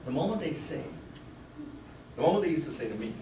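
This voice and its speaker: A man leads a live sales training session, speaking in a chatty way and quizzing his students with questions. He is picked up from a distance in a reverberant room, with a clear layer of background noise under his voice. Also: on the high side, animated, a little fast, warm tone. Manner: conversational, quizzes the class with questions. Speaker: real estate sales trainer. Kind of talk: live class teaching.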